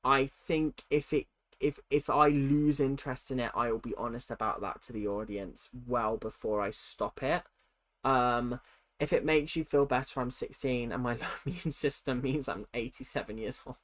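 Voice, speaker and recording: A man's voice: medium pitch, normal speed. A young man with a cold, chatting casually on a livestream as he reads viewer questions aloud and answers them candidly. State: has a cold. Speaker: streamer.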